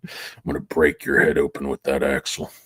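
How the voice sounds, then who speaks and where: A man putting on a low, gruff old cowboy who threatens a young boy in a menacing drawl. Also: monotone, normal speed, a bit bright, dry recording, clean studio sound, full character voice.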